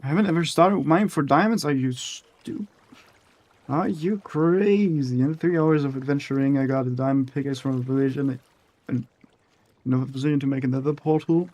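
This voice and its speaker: A man's voice: medium pitch, fairly even intonation, quick pace, a little mellow, no room sound. A young man chatting casually and swearing often as he narrates building in a game and talks to himself. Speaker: gaming streamer. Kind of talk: casual gameplay commentary.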